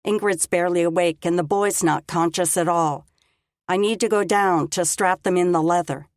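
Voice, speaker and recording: A woman's voice: on the low side, fairly even intonation, normal speed, no room sound, clean studio sound, lightly acted. A woman voicing a worried young man calling out. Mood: urgent. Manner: urgent, calling out, tender.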